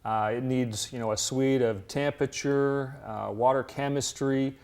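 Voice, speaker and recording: A man with a gravelly edge to his voice, answering interview questions as a university fish physiologist. He explains technical ideas in plain terms, at a measured pace with frequent fillers. His pitch sits in an ordinary middle range. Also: fairly even intonation, darkish tone.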